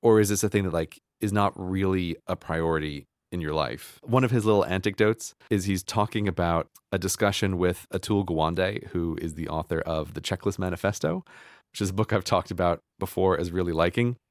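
A man's voice: low-pitched, a little fast, dry recording, studio quality. A man co-hosting a podcast, talking through a book in a casual, enthusiastic way, full of "like" and restarts, sometimes teasing his co-host. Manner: enthusiastic, filler-heavy, teasing.

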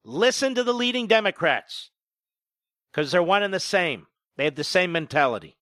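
A man hosting a political talk radio show, emphatic and indignant, firing off rapid points. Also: high-pitched, animated, a bit bright, dry recording.

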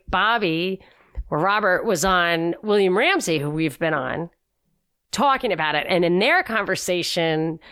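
A woman's voice: lowish voice, a bit bright, clear, resonant tone, no echo. A woman talks on a podcast in a chatty, opinionated way, breaking off and restarting her sentences as she goes. The sound is close and dry, with no room around her voice. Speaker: podcast co-host. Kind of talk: casual conversational podcast.

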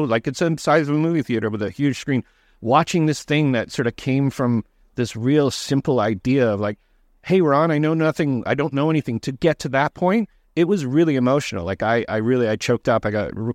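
A man, a documentary director, answering interview questions in a casual, halting way, with frequent restarts and fillers. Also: mid-range voice, no room sound, studio quality.

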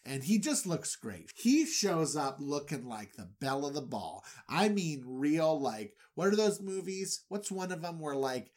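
A woman's voice: deep voice, sing-song, a little slow, few pauses, a little mellow. A woman co-host retelling a Bible story as rambling comic riffs full of asides. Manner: rambling, riffing with many voices. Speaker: podcast co-host.

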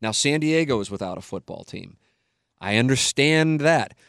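Middle-aged male podcast host, medium pitch, dry close sound, blunt and emphatic with frequent swearing. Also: animated, moderate pace, creaky, a bit bright, dry recording. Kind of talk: casual opinionated podcast talk.

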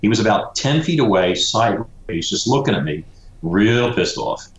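A man with a notably deep, low voice tells a story with animated energy, often saying "you know." He is an author speaking as a guest in an interview. The room around him gives his voice a roomy echo. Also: normal speed, highs cut off.

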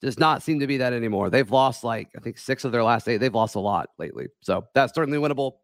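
A man hosting a casual sports talk stream, hoarse from yelling, rambling with many fillers and restarts. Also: medium pitch, animated, quick pace, dry recording, studio quality.

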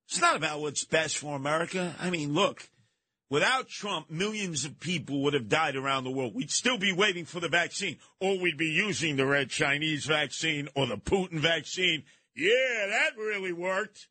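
A man hosting a talk radio show, delivering a brash, mocking monologue with frequent shouting and a New York accent. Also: fairly high pitch, animated, moderate pace, dry recording.

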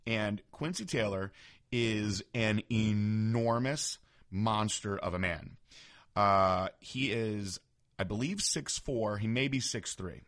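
A man's voice: lowish voice, slow pace, fairly bright tone. A man in his thirties, a former bodybuilder, telling a candid story in a casual monologue. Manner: candid, frank, conversational.

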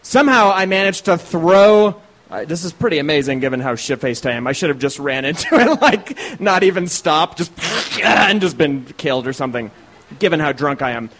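A man's voice: fairly high pitch, big pitch swings, normal speed, a bit bright. A man telling a profane, comic story live on stage, laughing through it. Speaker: co-host and storyteller. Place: live show at a small venue.

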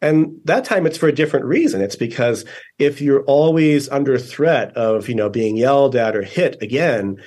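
A man's voice: mid-range voice, lively intonation, moderate pace, a little mellow. A man, a guest author in a podcast interview, explaining ideas patiently with frequent fillers and checking questions. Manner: thoughtful, explanatory, many fillers and "right?".

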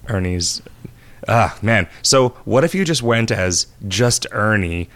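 A man's voice: lowish voice, lively intonation, slow, fairly bright tone. A man co-hosting a podcast in casual banter, rambling and laughing often at his own crude jokes. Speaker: podcast co-host.

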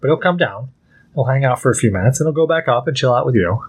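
Husky, lively man telling jokey stories. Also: medium pitch, quick pace. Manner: animated, joking storyteller. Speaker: podcast host. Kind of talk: casual chat.

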